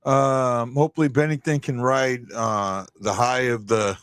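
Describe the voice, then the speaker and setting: A man's voice: medium pitch, fairly even intonation, measured pace, a bit bright, clean tone, no room sound, clean studio sound. A man hosting a live stream, talking casually and bluntly, rambling with many restarts and the odd swear word. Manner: blunt and opinionated.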